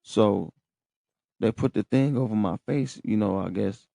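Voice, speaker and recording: A low-pitched man with a gravelly, creaky voice tells a story on his podcast. His talk is slangy and profane, and he keeps checking in with his listeners. The sound is dry and close. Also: measured pace, warm tone, no room sound. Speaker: podcast host. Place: room in a rehab center.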